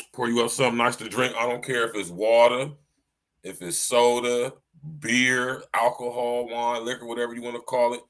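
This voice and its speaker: Loud, slangy male podcast host. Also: medium pitch. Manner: loud, slangy, repeats "man" and "you know what I'm saying". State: coughing now and then. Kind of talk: casual podcast monologue.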